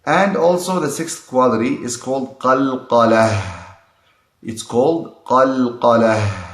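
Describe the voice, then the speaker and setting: Slow-speaking man teaching letters. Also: medium pitch, reverberant. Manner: repeats sounds and phrases to demonstrate them. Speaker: Quran pronunciation teacher. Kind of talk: slow explanatory lesson with demonstrations.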